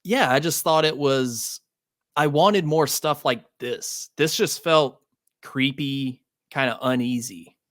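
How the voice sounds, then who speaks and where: Slow-talking male podcast guest. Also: medium pitch, fairly bright tone, no room sound, studio quality. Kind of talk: casual film review chat.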